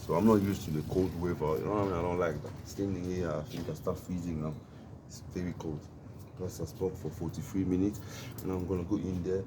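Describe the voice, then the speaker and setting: Deep-voiced guy from africa ranting outside on his phone, preachy and repetitive, outdoor noise behind him. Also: fairly even intonation, fairly quick. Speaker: vlogger. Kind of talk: rambling outdoor monologue. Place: outdoors in the cold near his home.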